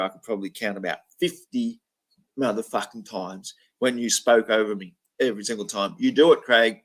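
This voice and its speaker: A man's voice: medium pitch, fairly bright tone. A man hosting a reaction commentary, ranting angrily with lots of swearing and mocking. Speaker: commentary video host.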